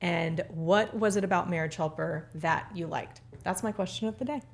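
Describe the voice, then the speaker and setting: A woman's voice: on the low side, moderate pace, vocal fry. Upbeat woman co-host laughing. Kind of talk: casual chat on a live show.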